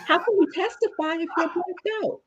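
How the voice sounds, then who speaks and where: A woman's voice: very high voice, normal speed, muffled recording, voice pushed up. A woman voicing a naive young woman prosecutor who is puzzled and pleading. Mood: confused.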